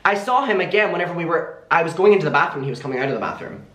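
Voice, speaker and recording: A young man recounting a story in an animated, exasperated vlog, played from a video. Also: fairly high pitch, racing. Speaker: YouTuber telling his side of a story. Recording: echoey room.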